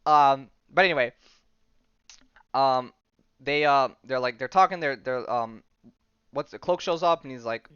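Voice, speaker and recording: At a measured pace with long pauses, a podcast host rambles through a comics recap, peppering it with "like," "um," "dude" and "bro" in enthusiastic slang. His medium-pitched voice is a bit bright and clean, recorded dry with the highs cut off.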